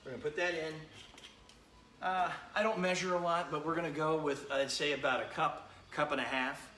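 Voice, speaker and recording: Chatty cooking host, bright echoey voice. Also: male voice, fairly high pitch, fairly even intonation, moderate pace, a little hiss or hum. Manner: chatty, greets viewers by name while cooking. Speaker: home cooking show host. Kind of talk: live-streamed cooking demo, chatting with viewers. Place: home kitchen.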